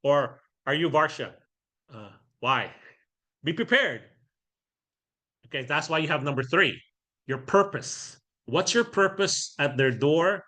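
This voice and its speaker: Bright-voiced man teaching a workshop. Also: fairly high pitch, animated, unhurried. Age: middle-aged. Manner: conversational, keeps checking in with "right?"; acts out sample doorstep lines. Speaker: real estate trainer.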